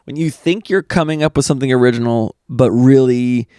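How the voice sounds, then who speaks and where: A man co-hosting a podcast, reading out news items and landing deadpan puns in casual comedic chat. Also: mid-range voice, a little fast, clear, resonant tone, dry recording, studio quality. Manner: deadpan joke-telling, trails off with fillers. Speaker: podcast co-host.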